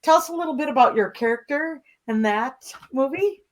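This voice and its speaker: Higher-voiced woman co-hosting, chatty. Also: expressive, brisk. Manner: friendly, laughs often, filler-heavy. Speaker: podcast co-host. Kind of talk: casual interview chat.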